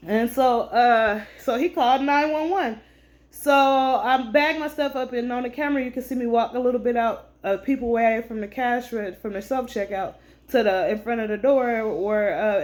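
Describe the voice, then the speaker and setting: A woman's voice: on the high side, brisk, darkish tone. A woman, a veteran, animatedly recounting a store incident to camera, indignant and often calling her listeners honey. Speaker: veteran vlogger.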